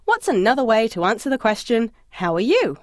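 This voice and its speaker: A woman narrating a scripted audio language lesson, encouraging and lightly humorous, asking the listener to answer out loud. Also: on the high side, sing-song, brisk, dry recording, studio quality. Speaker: language course instructor.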